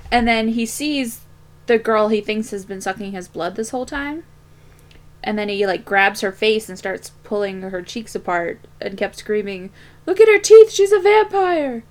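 A woman's voice: medium pitch, steady tone, moderate pace. A woman co-hosting a casual movie review chat, blunt and teasing with a sarcastic edge. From Philadelphia. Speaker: podcast co-host.

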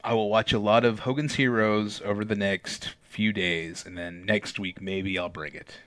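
Male host, bright forceful tone, dry close mic, sheepish and self-mocking. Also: fairly low pitch, fairly even intonation, normal speed, no room sound. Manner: self-deprecating, nervous, laughs easily. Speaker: podcast co-host. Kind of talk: casual chat.

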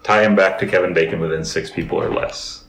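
Host, male, very low voice, steady moderator, roomy room sound. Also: quick pace, vocal fry, slight background noise. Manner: steers the talk, explains and corrects patiently. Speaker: podcast host. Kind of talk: casual chat.

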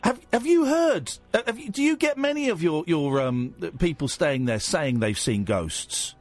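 A man hosting a radio phone-in show, talking in an excitable, jokey, animated way into a studio microphone. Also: a little high, normal speed. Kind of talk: casual talk radio chat.

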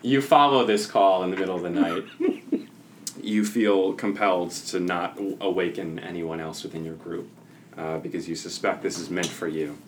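A man's voice: low-pitched, steady tone, moderate pace, slight background noise. A man acting as game master, narrating a tabletop role-playing podcast in a laid-back way, with fillers and laughs.

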